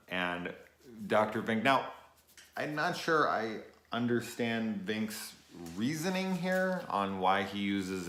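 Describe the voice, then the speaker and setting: A young man giving a rambling, casual late-night review, tired, swearing often and filling pauses with ums and uhs. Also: on the low side, fairly bright tone. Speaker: show reviewer. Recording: echoey room.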